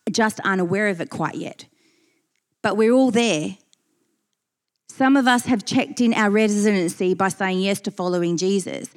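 A woman preaching a sermon, earnest and emphatic, reading scripture and repeating key phrases for weight. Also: medium pitch.

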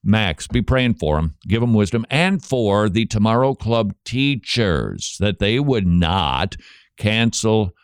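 A man hosting a talk radio show, speaking in a conversational monologue with quick asides and self-corrections. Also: on the low side, animated, smooth, no room sound, studio quality.

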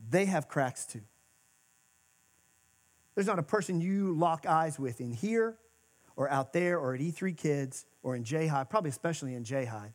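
Preaching man, casual and heartfelt. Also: a little high. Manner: conversational preaching, swinging from emphatic to hushed. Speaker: pastor. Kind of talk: sermon. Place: church sanctuary.

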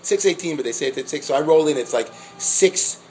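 A man teaching a class as a rabbi, telling a story in an animated, halting way with many restarts and laughs. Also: fairly high pitch, slight background noise, rough recording. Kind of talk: storytelling lecture.

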